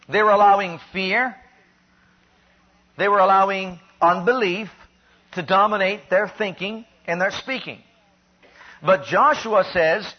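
A man delivers a sermon in an earnest, emphatic way and stretches out his key phrases. His voice is high and husky. The recording sounds dull and lo-fi. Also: a little slow. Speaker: preacher.

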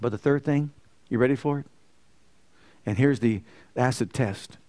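A man's voice: medium pitch, normal speed, mellow. A man preaching a sermon as pastor, asking the congregation rhetorical questions and rising in emphasis.

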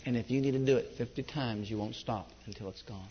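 A middle-aged man preaching a sermon, telling his own testimony with passion, moving between loud, high outbursts and low, hushed stretches. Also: quick pace, a little hiss or hum. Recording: dull echoey hall recording.

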